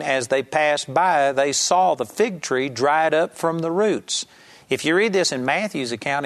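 A man preaching a conversational Bible-teaching sermon, acting out scenes as he explains a passage. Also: medium pitch. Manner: conversational, animated, acts out the scene.

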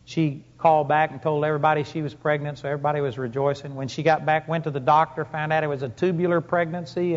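A man preaching a sermon to a congregation, telling stories with emphatic rises and punchy lines. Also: on the high side. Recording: long hall reverb, dull lo-fi sound.

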